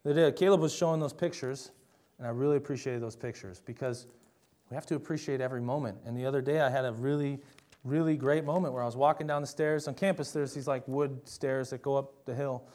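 A man's voice: mid-range voice, fairly even intonation, fast talker, a little mellow. A young adult man preaching a sermon in a conversational, emphatic way, often asking the listeners rhetorical questions.

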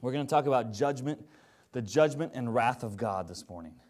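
A man's voice: medium pitch, lively intonation, fairly quick, darkish tone. A man preaching a sermon in a conversational style that rises to emphatic declarations. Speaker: pastor.

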